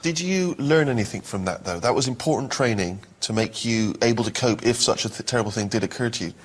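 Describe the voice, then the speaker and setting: A man's voice: mid-range voice, quick pace, husky. A man co-hosting a comedy talk show, asking his guest mock-earnest, probing questions. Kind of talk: casual interview questions.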